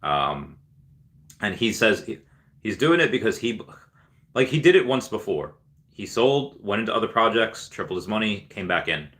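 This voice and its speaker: A man's voice: on the low side, sing-song, normal speed, a bit bright. A man hosting a casual livestream, reading viewer comments aloud with lots of ums and cheering on the winners. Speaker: livestream host reading chat.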